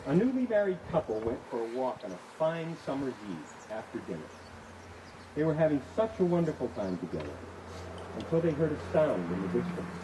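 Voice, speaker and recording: A male wedding officiant speaking outdoors, his voice moving lively up and down as he tells a story with light jokes. Insects buzz and birds call clearly in the background. His pitch sits at an ordinary middle. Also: background noise. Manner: relaxed, storytelling, lightly joking. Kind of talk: wedding ceremony address.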